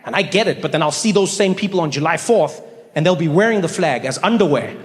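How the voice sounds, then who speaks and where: A man performing a stand-up comedy routine on a theater stage, telling stories with animated shifts into other voices. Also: fairly high pitch, quick pace, a little hiss or hum. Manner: animated storytelling, swings between voices. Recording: live hall with long reverb.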